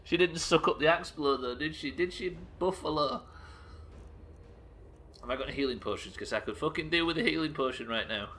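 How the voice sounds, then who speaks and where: An excitable man narrates his own gameplay for a live audience, swearing freely and breaking off to thank viewers. His voice is bright and forceful. A faint hiss sits under the desk mic. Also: on the high side, a little fast. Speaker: game streamer.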